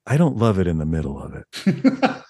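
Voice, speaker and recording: A man guest on a podcast interview, talking casually as an author, rambling and animated with many restarts. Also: sits low, normal speed, husky, dry recording.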